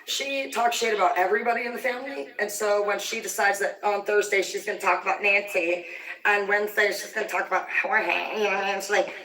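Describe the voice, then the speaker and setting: A woman rants on a livestream, foul-mouthed and heated, jumping from one grievance to the next. Her voice sits at a middling pitch. She is heard from some distance, with the echo of the room around her. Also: fairly even intonation, fairly quick, sharp tone. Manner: heated, vulgar, rambling. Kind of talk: profane angry rant on a livestream. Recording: echoey room, distant from the mic.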